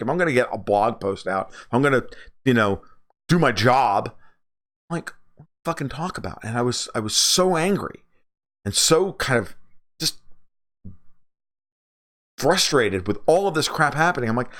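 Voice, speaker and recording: A middle-aged American man hosting a livestream. He rants with exasperation and swears freely. His voice sits at an ordinary middle pitch. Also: a bit bright. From United States. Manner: angry, exasperated rant with frequent profanity. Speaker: political commentator. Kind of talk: livestream monologue.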